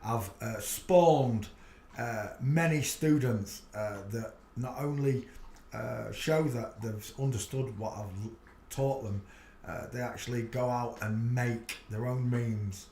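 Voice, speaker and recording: A man's voice: medium pitch, slow pace, warm tone, roomy sound, a little hiss or hum. A man hosting a casual livestream, greeting viewers by name and muttering to himself as he sets up. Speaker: livestream host.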